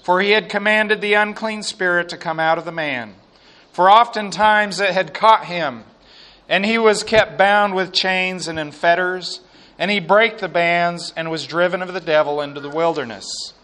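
A man preaching a sermon and reading scripture aloud, slow and emphatic, with quiet asides. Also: sits high.

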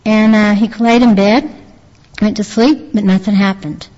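A woman earnestly retelling a religious testimony as a lay preacher, halting and restarting her sentences. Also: mid-range voice, steady tone, a little mellow. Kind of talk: devotional storytelling. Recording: long reverb, dull lo-fi sound.

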